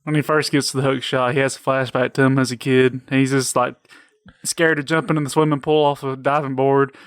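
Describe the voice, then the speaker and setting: A man co-hosting a gaming podcast, adding deadpan jokes in casual banter. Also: medium pitch, brisk, clear, resonant tone, dry recording, studio quality. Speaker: podcast co-host.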